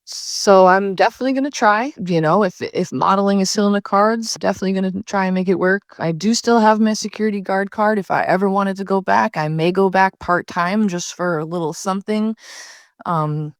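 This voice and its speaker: A woman's voice: mid-range voice, fairly quick, no echo, clean studio sound. A young adult woman, a model and podcast guest, talking casually and animatedly about her life and work. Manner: chatty, animated when recounting, laughs often. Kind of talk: casual interview chat.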